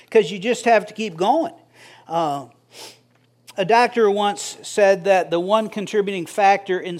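A middle-aged man preaching a sermon as pastor, conversational and joking with the congregation. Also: sits high.

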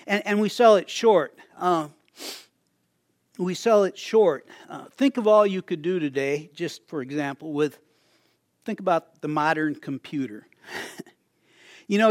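An older male pastor delivers a sermon in a relaxed, conversational manner, restarting phrases and chuckling as he goes. His voice sits a little high for a man. The sound is close and dry, with no room echo.

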